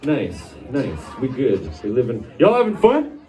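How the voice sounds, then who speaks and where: A man's voice: medium pitch, huge pitch swings, a little slow. A man fronting a band, cracking rambling jokes with the crowd between songs at a live bar show. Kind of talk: on-stage banter between songs. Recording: distant room mic over crowd and band.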